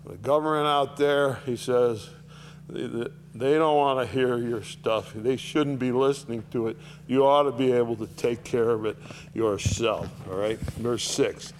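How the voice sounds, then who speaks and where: A man of middle pitch teaches a Bible chapter verse by verse, reading a line and then paraphrasing it. He swings from sharp, raised rebukes to quiet, low asides. A faint hum sits under his voice. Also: a little slow. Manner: animated, rising sharply to voice Paul's rebukes, dropping low for asides.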